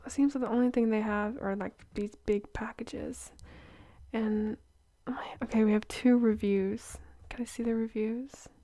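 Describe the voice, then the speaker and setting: Soft-spoken young woman doing ASMR. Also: mid-range voice, dry recording. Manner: soft-spoken, often slips into whispers, giggly. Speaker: ASMR creator.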